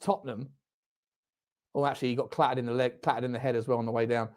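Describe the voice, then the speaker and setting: A man with a mid-range, fairly flat voice runs a live football watchalong for fans, talking fast with long pauses. He chats with viewers, reads their comments, and erupts into shouts at the referee and at scoring chances.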